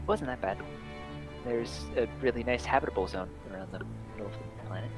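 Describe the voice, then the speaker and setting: A man's voice: mid-range voice, fairly quick, over music. A man player at a tabletop game, giving dry, short replies. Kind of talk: casual chat at game table.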